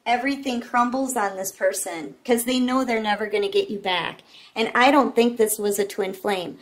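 A woman's voice: a little high, steady tone, normal speed. Earnest woman giving a tarot reading. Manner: earnest, repetitive, talks straight to the viewer. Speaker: tarot reader. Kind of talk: casual tarot reading to viewers.

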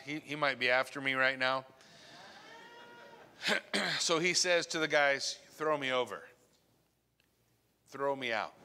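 A man preaching a sermon as pastor, earnest, often dropping to a hushed voice on key points. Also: on the high side. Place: church sanctuary. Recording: long church reverb.

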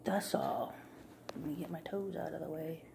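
A woman's voice: low voice, moderate pace, gravelly, noisy background. A woman cat sitter talking to a cat while filming with a phone in a client's home, cooing in baby talk and sometimes dropping to a whisper. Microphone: phone camera pointed at the floor.

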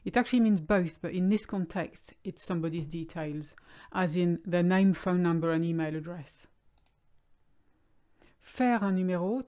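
A woman with a fairly low voice gives a calm, clear language lesson. She explains each word patiently and slows down on the key terms. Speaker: French teacher.

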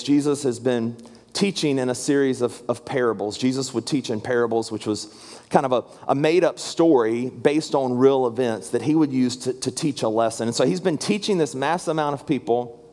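A man's voice: mid-range voice, a little mellow. A man in his thirties preaching a storytelling sermon as a guest pastor, earnest and conversational, often restarting his sentences. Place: church sanctuary. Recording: long reverb from a large hall.

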